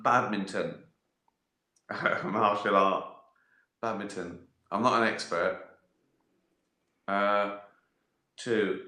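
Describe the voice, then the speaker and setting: A man answers viewer questions in loose, rambling live-stream chat, full of swearing and bursts of his own laughter. He talks slowly, with a bright, forceful tone. The sound is roomy and echoing, like a home setup. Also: lowish voice. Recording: echoey room.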